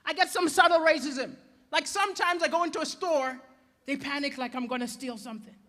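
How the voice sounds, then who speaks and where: A man from Malawi doing stand-up comedy, telling stories with animated, punchy delivery. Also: very high voice, fairly quick, in a large hall.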